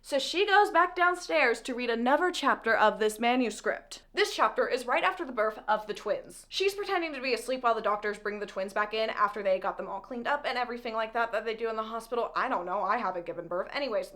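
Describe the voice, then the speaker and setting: A woman's voice: a little high, animated, quick pace, hardly any pauses, fairly bright tone. A woman giving a chatty, dramatic recap of a novel, with joking asides to her viewers. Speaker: book recap vlogger. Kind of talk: animated casual book recap.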